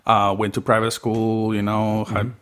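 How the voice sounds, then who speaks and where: A young man from Peru, a comedian guest, telling rambling, animated stories in a casual podcast chat. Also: lowish voice, a little slow, smooth.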